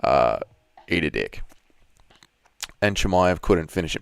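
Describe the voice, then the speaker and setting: A man's voice: deep voice, sing-song, unhurried, gravelly, pauses often, smooth. A man from Australia with an Australian accent, hosting a casual livestream, chatting crudely and reading out his chat with lots of swearing. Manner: crude, profane banter, reads out chat. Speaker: streamer.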